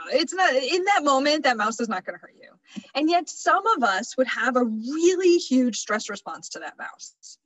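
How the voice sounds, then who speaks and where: A woman leading a webinar workshop in a relaxed, chatty way, full of fillers and restarts. Her voice sits a little high, and the sound is close and dry, with no room echo. She talks to the group as if she were talking to friends. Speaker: workshop presenter. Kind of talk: casual webinar presentation.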